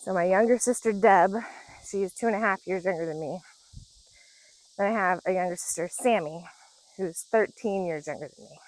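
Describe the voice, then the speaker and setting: A woman's voice: fairly low pitch, moderate pace, pauses often, darkish tone, a little hiss or hum, low-quality recording. A woman in her forties telling casual stories while out on a walk, chatty and laughing often. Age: 40s. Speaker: vlogger. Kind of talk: casual storytelling. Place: outdoors on a nature walk.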